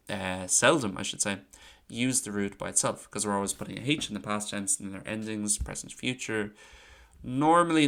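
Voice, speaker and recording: Teaching grammar online in an informal way, a man from Ireland with a lowish voice serves as an Irish language teacher. He goes through examples conversationally and slows down to repeat the key phrases.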